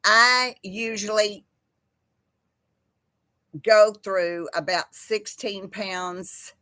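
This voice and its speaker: A woman's voice: medium pitch, extremely slow, sharp tone, no echo. A middle-aged woman hosting a casual livestream chat, rambling from topic to topic and greeting viewers by name. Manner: rambling, chatty, laughs easily. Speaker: host.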